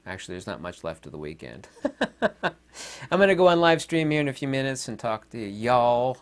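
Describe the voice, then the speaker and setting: A man rambling to camera in a casual monologue, pausing often on fillers and trailing off quietly. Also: mid-range voice, very animated, clean tone. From Southern United States. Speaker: video commentator.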